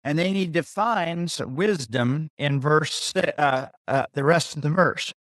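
A man teaching through a Bible passage verse by verse, deliberate and pausing, repeating key phrases for emphasis. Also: on the high side, a bit bright, no room sound, studio quality. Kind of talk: slow expository Bible teaching.

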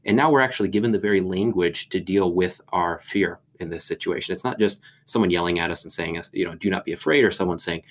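A man's voice: low-pitched, fast, few pauses. A man, a pastor, discussing scripture in a reflective, meandering way with many fillers. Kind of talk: conversational Bible discussion.

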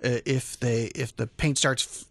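A man, a museum director, talking as a guest in a radio studio interview, halting with many fillers and restarts. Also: mid-range voice, fairly even intonation, vocal fry, no echo. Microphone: studio microphone.

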